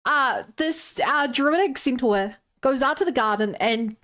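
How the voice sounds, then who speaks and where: A woman's voice: sits high, expressive, measured pace, fairly bright tone. A woman streamer casually retelling a tabletop game session, chatty and loose with lots of filler words.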